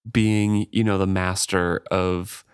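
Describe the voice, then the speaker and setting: This is a man with a lowish voice co-hosting a book discussion. He muses and thinks aloud in casual talk, often hedging as he goes. The sound is close and dry. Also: little pitch movement, slow, clean tone, dry recording. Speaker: book podcast co-host. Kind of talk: casual chat.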